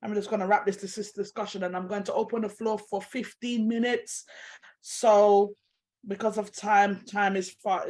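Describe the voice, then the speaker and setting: A woman's voice: mid-range voice, low-quality recording. A woman hosting an online panel discussion over a video call, speaking with emotion as she holds back tears. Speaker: host.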